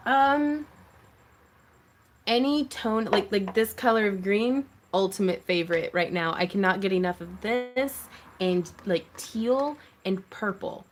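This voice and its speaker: A giggly woman hosts a relaxed craft livestream, chatting warmly and effusively with her viewers. She laughs often between her words, and her voice sits at a middling pitch. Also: a little slow. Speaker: craft channel host. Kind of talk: casual livestream chat.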